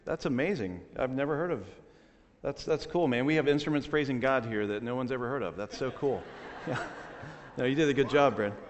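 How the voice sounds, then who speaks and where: Man preaching, mid-range voice, lively and self-deprecating, echoing church hall. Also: mid-range voice, brisk. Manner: lively and self-deprecating, warm asides to the congregation. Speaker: pastor. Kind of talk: sermon. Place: church sanctuary. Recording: long reverb of a large hall.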